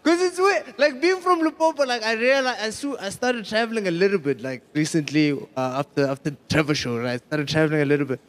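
High-voiced South African comic. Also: male voice, quick pace, few pauses, fairly bright tone. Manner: chatty, laughs at his own jokes. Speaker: stand-up comedian. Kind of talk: stand-up comedy set.

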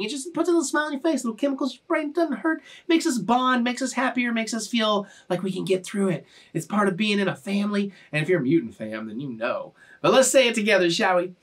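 A man, hosting a reaction channel and rambling playfully to his viewers. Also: very high-pitched. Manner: animated, rambling and playful, with sudden shrieks and laughs. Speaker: YouTube reaction channel host. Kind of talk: casual chat to camera.

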